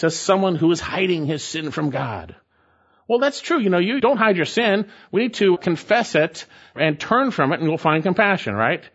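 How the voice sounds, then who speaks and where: A man's voice: sits high, fairly bright tone, dull audio. A man preaching an expository sermon, emphatic and repeating key phrases to drive points home. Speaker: pastor.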